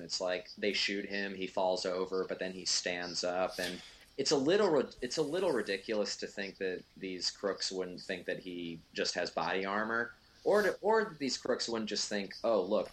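A man with a very low voice talks his way through a movie commentary track. He rambles, stops and restarts often, and fills the gaps with ums and you-knows. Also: expressive, moderate pace, fairly bright tone. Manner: rambling, with many fillers and restarts. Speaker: film commentary co-host. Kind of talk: casual film commentary.

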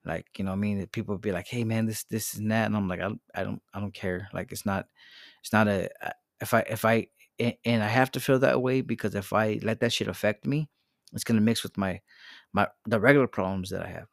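A man's voice: on the low side, steady tone, a little fast, vocal fry, dry recording, clean studio sound. A man co-hosting a podcast, talking casually and rambling with many restarts and constant swearing. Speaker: podcast co-host. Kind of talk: casual profane chat.

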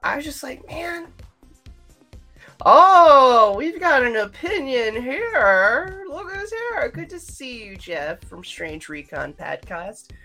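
A woman's voice: high-pitched, sing-song, slow, hardly any pauses, pushed and bright, soft background music. A woman hosting a livestream, chatting casually and rambling straight to her viewers. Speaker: livestream host.

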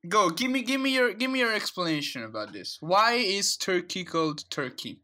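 A man co-hosting a podcast in casual chat, playful and teasing, firing off animated questions. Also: high voice, normal speed. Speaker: podcast co-host.

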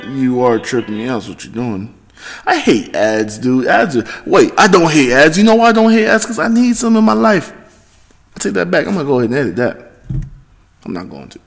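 A man's voice: brisk, vocal fry, soft background music. Rambling, foul-mouthed man on a podcast. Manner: rambling, heavy swearing, self-correcting; swings between loud excited and low mutters. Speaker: podcast host. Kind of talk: casual solo monologue.

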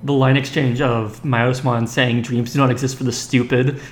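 A man chatting casually on a podcast, halting and searching for words. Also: medium pitch, flat delivery, echoey room, slight background noise. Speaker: podcast co-host.

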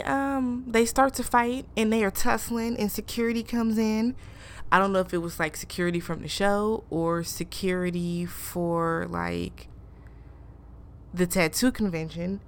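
A woman recapping a reality show in casual commentary, animated and incredulous, acting out what people said and asking rhetorical questions. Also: on the low side, clear, resonant tone. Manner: acts out quoted people.

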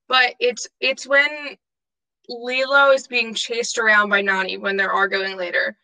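A woman's voice: a little high, flat delivery, unhurried, creaky, pushed and bright, no echo, poor audio. A young woman co-hosting a podcast, chatting casually with a friend, giggly and full of fillers. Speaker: podcast co-host. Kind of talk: casual chat.

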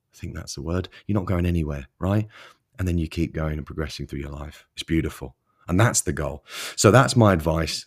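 Young man, very low voice, solo podcast host; loose, self-mocking, encouraging delivery. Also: darkish tone, breathy edge. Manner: rambling, self-deprecating, encouraging. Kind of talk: solo motivational podcast talk.

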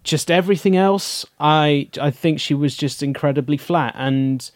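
A man's voice: a little high, moderate pace, no echo. A man co-hosting a casual film review chat, giving blunt, emphatic opinions. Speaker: podcast co-host.

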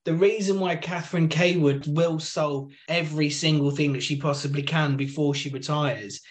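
A man with a somewhat high voice co-hosts a podcast from a remote setup. He delivers wry, scripted quips in a dry tone. Each line lands as a deadpan joke. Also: normal speed. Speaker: podcast co-host. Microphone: remote recording setup.

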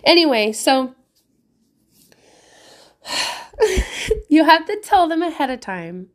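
A woman's voice: high-pitched, sing-song, slow, pauses often, a bit bright. A woman in her thirties chatting casually about parenting, swearing freely, often laughing and saying "like". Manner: chatty, profane, laughing, lots of likes. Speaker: parent podcaster. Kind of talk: casual monologue.

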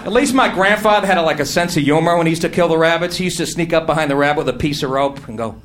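Rapid-fire delivery and a fairly high, fairly bright voice mark this man's stand-up set, which is brash, profane and mocking. Recorded live in a comedy club, it carries noise and audience laughter.

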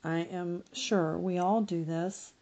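A middle-aged woman speaking as a podcast guest, giving slow, reflective personal testimony and often correcting herself mid-sentence. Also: on the low side, fairly even intonation, warm tone.

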